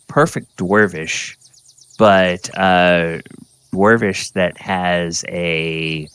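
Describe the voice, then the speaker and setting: Slow gravelly dungeon master. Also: male voice, low voice, a bit bright. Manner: slow, hesitant, with many fillers. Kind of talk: narrating a tabletop game.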